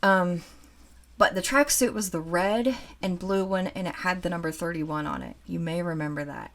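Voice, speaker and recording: A woman in her forties who collects dolls, telling a childhood story in a chatty, animated way while showing a doll to the camera. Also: on the low side, normal speed. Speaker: doll collector and channel host. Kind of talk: casual storytime chat.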